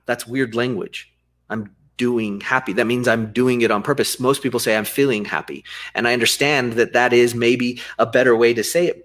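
A man speaking as a guest on an interview, explaining his coaching approach. He talks in an animated, expressive way, often laughing and acting out inner dialogue. His voice sits in an ordinary middle range for a man. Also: mid-range voice. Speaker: guest, dance and life coach. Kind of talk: conversational interview.

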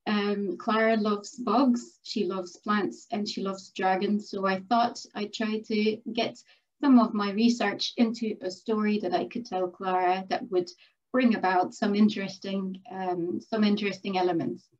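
A middle-aged woman from Quebec, narrating a rhyming story at a live event in a slow, gentle way. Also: mid-range voice, steady tone. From Quebec, Canada. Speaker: storyteller and scientist. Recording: dull lo-fi recording.

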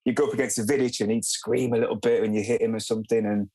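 Podcast guest: low-pitched man, easygoing and reflective, dry recording. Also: level tone, very fast, mellow, breathy edge, no echo, rough recording. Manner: easygoing, reflective, short plain sentences. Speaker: guest, former footballer. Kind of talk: casual podcast chat.

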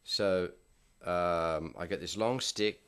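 Deep-voiced man telling film-set stories. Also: slow pace, a bit bright, clean tone. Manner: dry storyteller acting out quoted voices. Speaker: film director. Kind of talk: anecdotal interview storytelling.

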